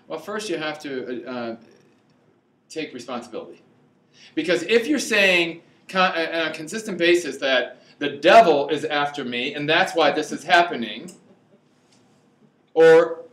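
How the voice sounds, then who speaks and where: A man giving an animated spiritual talk to a live audience, repeating himself and acting out quotes. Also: on the high side, unhurried, pauses often. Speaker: spiritual speaker. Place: meeting hall with a live audience. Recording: echoey room, mic at a distance.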